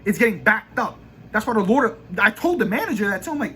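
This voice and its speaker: A man's voice: high-pitched, sing-song, bright, forceful tone, a little hiss or hum. A young man with a New York accent, venting casually and profanely about his job as a vlogger. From Brooklyn, New York. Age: young adult. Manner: profane, ranting, rapid bursts.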